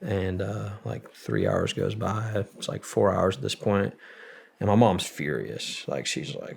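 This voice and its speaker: A man's voice: deep voice, big pitch swings, unhurried, creaky, husky. A man telling a personal story as an interview guest, rambling and swearing freely. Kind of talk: casual storytelling.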